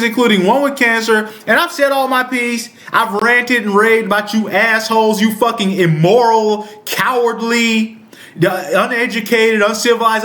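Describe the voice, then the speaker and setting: A man's voice: very high-pitched, fairly bright tone, echoey room. A man ranting angrily and sarcastically about politics, swearing heavily and reading a news article aloud with interjections. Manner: profane, furious, sarcastic ranting. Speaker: political commentator. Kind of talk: angry political rant.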